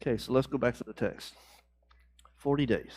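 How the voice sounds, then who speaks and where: A husky, darkish-toned man of medium pitch speaks at normal speed as he guides a church Bible class. His manner is conversational, with questions to the class, answers back, and growing emphasis on key phrases.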